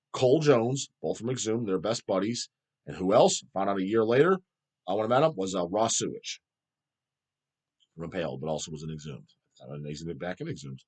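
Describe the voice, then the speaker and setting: A man's voice: lowish voice, husky. A middle-aged man hosting a solo vlog, ranting heatedly and profanely. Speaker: channel host.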